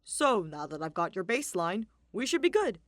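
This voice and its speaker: A woman voicing a cheerful, hearty male stage manager, loud and upbeat, in a storybook reading. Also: mid-range voice, big pitch swings, moderate pace, no echo, studio quality.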